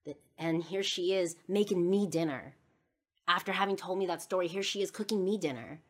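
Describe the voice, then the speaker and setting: A woman's voice: lowish voice, brisk. A woman hosting a podcast, telling a personal story in a rambling way with many fillers. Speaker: podcast host.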